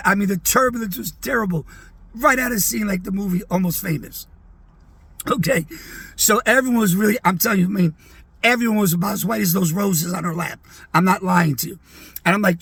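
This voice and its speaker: A man's voice: high-pitched, fairly quick, vocal fry, a bit bright, breathy edge. A man in his sixties telling a long, chatty personal anecdote to viewers, rambling and peppered with asides. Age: 60s. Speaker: video storyteller. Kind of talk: casual anecdote told to viewers.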